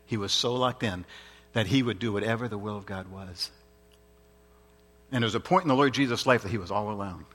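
A man's voice: lowish voice, a little fast, long pauses, a bit bright. A man preaching a sermon in an earnest, emphatic way, repeating his points and asking rhetorical questions.

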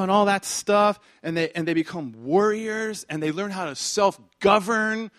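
A man preaching a sermon as pastor, animated, acting out quick character voices and swinging from soft asides to loud emphasis. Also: high-pitched, no echo, clean studio sound. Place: church.

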